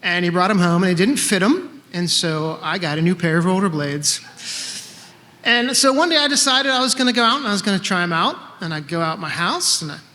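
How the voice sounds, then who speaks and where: A man's voice: high voice, expressive, brisk, bright, forceful tone, in a large hall. Wry man in his fifties telling a story. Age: 50s. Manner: conversational, wry, acts out dialogue. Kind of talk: live stage storytelling. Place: live event stage in a hall.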